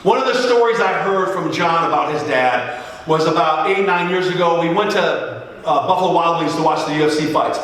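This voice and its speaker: Man, middle-aged pastor, high bright voice, lively storyteller, echoey hall from far off. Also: a little fast. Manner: joking, animated storyteller who acts out dialogue. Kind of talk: storytelling sermon. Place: large church hall. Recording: echoey church hall from a distance.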